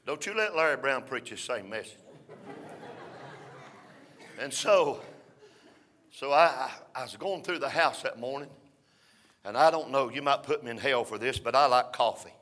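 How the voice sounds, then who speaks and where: An older man preaching a folksy storytelling sermon, rising to shouts between drawn-out "uh" phrases. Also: medium pitch, animated.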